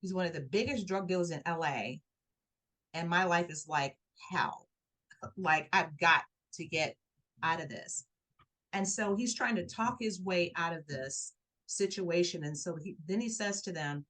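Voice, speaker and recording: Woman, interview guest, fairly low-pitched, animated storyteller, voices the people in her story. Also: moderate pace. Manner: animated, acts out quoted voices with rising pitch.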